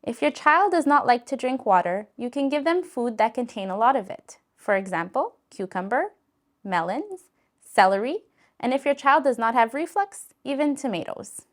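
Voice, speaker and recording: A woman with a slightly raised pitch reads a scripted lesson. Her delivery is calm, clear and gently instructive, with steady pacing. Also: normal speed. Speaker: narrator of a voice-care video.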